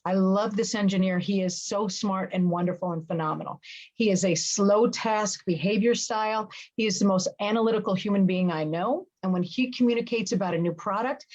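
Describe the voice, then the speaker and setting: A woman in her fifties, a business trainer guesting on a podcast, talking in a lively and dramatic storytelling way. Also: medium pitch, poor audio. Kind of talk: casual interview talk.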